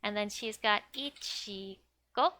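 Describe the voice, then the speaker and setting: A woman's voice: mid-range voice, takes it slowly, bright, forceful tone. A young woman giving a casual, chatty language lesson, often laughing and leaning on "like". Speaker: language teacher.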